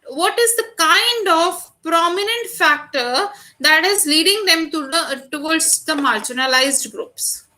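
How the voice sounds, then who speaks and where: A woman with an Indian accent delivers an online lecture in a high voice. She speaks straight to her students and works through lists of key terms one by one. Her tone is bright and clear. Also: rough recording. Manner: addresses students directly, reads out lists of terms.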